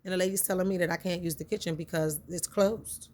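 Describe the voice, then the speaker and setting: A woman with a somewhat low voice recounts a hard chapter of her life. She talks conversationally and earnestly, circling back and repeating herself, her feelings close to the surface. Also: fairly even intonation, fast talker, darkish tone. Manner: earnest, emotional, conversational with repetitions. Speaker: storyteller. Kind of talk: personal storytelling.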